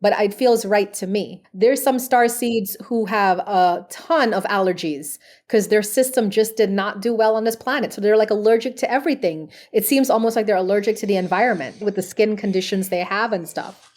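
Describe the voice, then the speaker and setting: A woman's voice: medium pitch, moderate pace, a little mellow. A woman guest on a podcast interview, a past life regression therapist talking earnestly in a casual, storytelling way.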